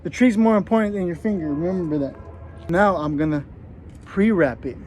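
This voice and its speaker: A man's voice: high-pitched, moderate pace, darkish tone, faint music behind. A man in his thirties, joking casually with a put-on Australian accent while giving a hands-on gardening how-to outdoors. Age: 30s. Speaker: gardening vlogger.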